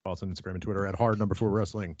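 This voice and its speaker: A man hosting a casual podcast chat, animated and jokey with plenty of swearing. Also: low-pitched, rapid-fire, no echo, muffled recording. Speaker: podcast host.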